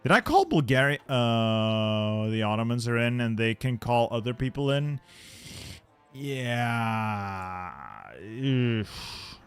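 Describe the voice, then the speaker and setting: Casual male gaming host, self-deprecating mutterer, average pitch, soft music bed. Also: animated, slow pace. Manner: self-deprecating, frequent throat-clearing, mutters and repeats himself. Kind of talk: casual strategy-game commentary.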